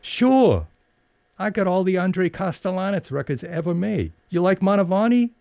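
A man voicing a shy, awkward young man who talks haltingly and trails off. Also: high-pitched, lively intonation, vocal fry, dark tone, dry recording, studio quality, pitched above the performer's own voice. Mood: bashful.

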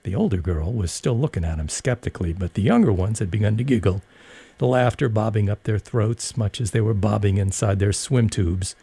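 Low husky male audiobook narrator. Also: brisk, dark tone, no room sound.

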